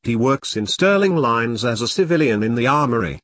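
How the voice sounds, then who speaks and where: A man voicing a calm, affluent middle-aged male handler who speaks gently and in a measured way, in an audiobook. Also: mid-range voice, no room sound, clean studio sound. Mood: gentle.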